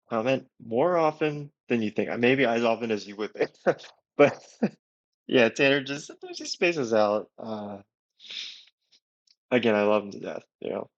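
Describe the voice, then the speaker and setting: A young man hosting a podcast, rambling and halting through a casual commentary on an old episode. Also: mid-range voice, no echo. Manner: rambling, halting, with many fillers. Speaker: podcast host. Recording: slightly dull lo-fi sound.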